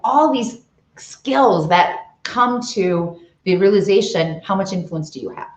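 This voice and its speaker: A middle-aged woman who is an author and CEO speaks as a guest in an interview on leadership, offering emphatic coaching advice peppered with rhetorical questions. Her medium-pitched voice is animated and her pace measured. The video call audio is roomy, dull and lo-fi.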